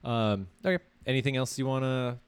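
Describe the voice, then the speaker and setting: A man's voice: medium pitch, fairly even intonation, brisk, clear, resonant tone, no echo. A man co-hosting a podcast in casual chat, laid-back and rambling, laughing often. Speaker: podcast co-host.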